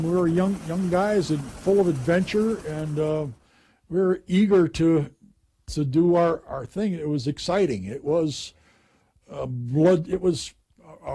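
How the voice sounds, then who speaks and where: An older man, a veteran, recounting his memories in a halting way, with many restarts. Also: a little high, warm tone. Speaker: veteran interviewee.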